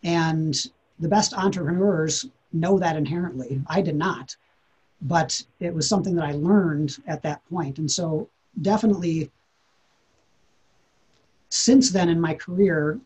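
A man's voice: fairly high pitch, measured pace, a little mellow, breathy edge, dull audio. A man, a podcast guest, telling a personal story in an earnest, reflective way, often repeating words as he thinks.

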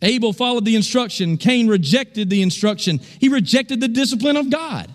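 A man's voice: extremely high pitch, expressive, normal speed, long reverb tail. A male pastor preaching a sermon in a church, emphatic and asking the congregation questions. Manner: emphatic, call-and-response questions.

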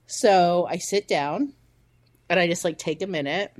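A woman from the American Midwest with a fairly low voice recounts a story on a podcast. She talks casually and acts out everyone's lines, with the odd swear word. The sound is close and dry. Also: a little slow, no echo. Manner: animated, acts out quoted dialogue, swears casually. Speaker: podcast co-host.

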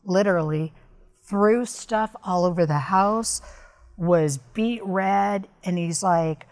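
A woman's voice: mid-range voice, slow, a little mellow. A woman guest on a podcast, candidly and earnestly recounting a personal story.

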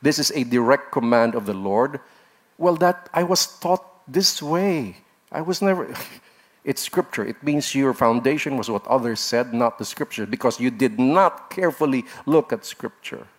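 Male pastor, mid-pitched voice, earnest exhorting sermon delivery with sharp emphatic rises. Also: lively intonation, normal speed.

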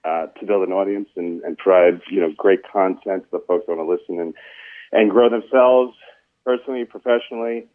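A low-voiced man from Long Island chats as a podcast guest, relaxed and quick to laugh. His voice comes through a dry, tinny, phone-like line. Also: no echo. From Long Island, New York. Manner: relaxed, laughs easily, with fillers. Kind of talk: casual interview chat.

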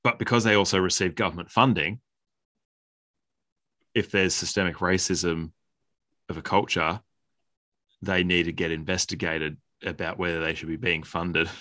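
A man's voice: low-pitched, fairly even intonation, moderate pace, pauses often, bright, forceful tone. A man making blunt, opinionated points in a casual podcast chat, swearing now and then. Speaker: podcast co-host.

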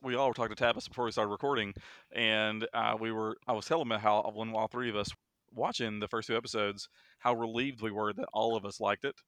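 A man's voice: on the low side, steady tone, fast, a bit bright, no echo. A man co-hosting a podcast in friendly casual chat, with plenty of fillers. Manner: friendly, chatty, filler-heavy. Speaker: podcast co-host.

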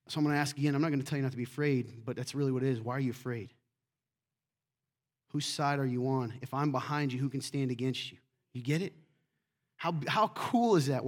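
A middle-aged man preaching a sermon as pastor, lively and acting out quoted voices. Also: mid-range voice, brisk, long pauses.

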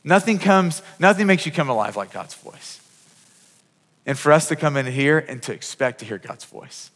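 A man's voice: on the high side, lively intonation, moderate pace, a bit bright, big-room sound. A man in his thirties preaching a sermon as pastor, earnest, often repeating words as he goes. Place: church hall.

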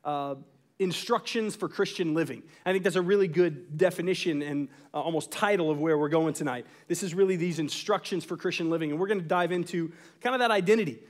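Young pastor, tenor-high man preaching with animated storytelling. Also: brisk. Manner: storytelling with animated asides, acts out quotes. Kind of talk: sermon.

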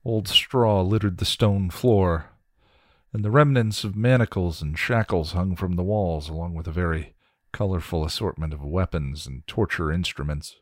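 Male story reader, deep voice, measured delivery, dry recording. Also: no echo. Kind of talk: reading a story aloud.

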